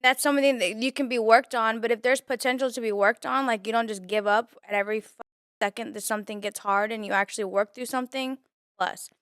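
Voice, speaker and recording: Young woman guest, earnest and chatty, smooth high voice, dry close mic. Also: steady tone, quick pace, fairly bright tone, no echo. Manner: earnest, talkative, frequent "like". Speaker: podcast guest. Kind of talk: casual chat.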